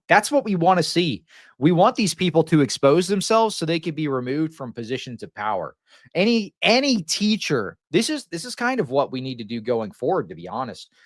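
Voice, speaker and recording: A man's voice: on the high side, very animated, brisk, no echo, clean studio sound. A man streaming live, commenting in a rambling, mocking way with lots of restarts and chuckles.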